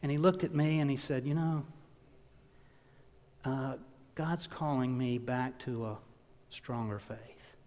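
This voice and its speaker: A man delivering a sermon, telling stories and swinging from loud emphasis down to hushed words. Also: medium pitch, steady tone, unhurried, pauses often. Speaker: pastor. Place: church. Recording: long reverb of a church hall.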